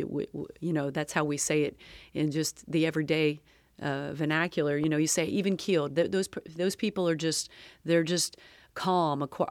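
Woman with a lowish voice doing a chatty bible-teaching podcast, lots of ums, dry close sound. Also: dry recording. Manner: unscripted, with many fillers and restarts, reading verses aloud. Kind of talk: conversational devotional teaching.

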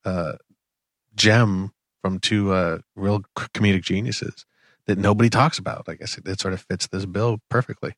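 A low-voiced man co-hosts a casual movie podcast, rambling through his pick with plenty of ums and restarts. The sound is dry and close. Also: steady tone, moderate pace, dry recording. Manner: rambling, full of filler words. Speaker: podcast co-host. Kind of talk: casual chat.

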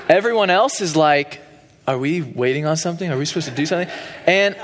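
Young male pastor, relaxed sermon, slightly high voice, long hall reverb, church sanctuary. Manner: conversational preaching, frequent fillers.

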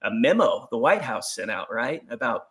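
A man's voice: mid-range voice, big pitch swings, normal speed, fairly bright tone. Man, mid-range voice, panel guest, wry sardonic manner, dry asides. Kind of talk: conversational panel discussion.

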